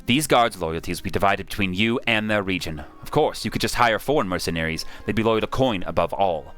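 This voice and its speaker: A stern, grim female marshal, voiced by a man, speaking lower and quieter than his usual voice. Her warnings are solemn and measured, with faint music underneath. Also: close to an everyday voice.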